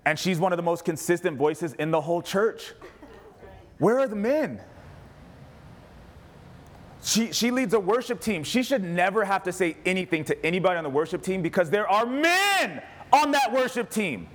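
A man's voice: sits high, big pitch swings, moderate pace, fairly bright tone. A man preaching a fervent, emphatic sermon as pastor in a church, using repeated rallying phrases. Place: church sanctuary with a responding congregation.

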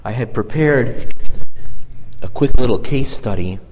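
Preacher, male, mid-pitched: earnest and informal, stumbles and restarts, long hall reverb. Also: a little mellow, slight background noise. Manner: earnest, halting, repeats and restarts phrases. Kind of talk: conversational sermon.

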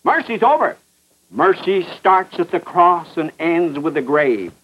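A man with a high voice preaches with fierce emphasis, driving each point home through repetition and pointed questions. The sound is muffled and dull, like an old radio broadcast. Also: big pitch swings, a little slow, slightly rough. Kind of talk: fervent radio sermon.

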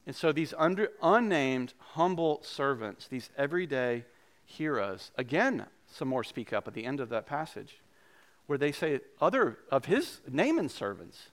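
Animated male pastor preaching. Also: medium pitch, moderate pace. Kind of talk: sermon.

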